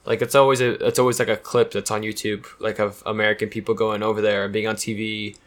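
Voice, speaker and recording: A man's voice: fairly low pitch, level tone, fast. A young man in casual chat as a podcast co-host, opinionated and full of filler words. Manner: opinionated, chatty, many "like" fillers.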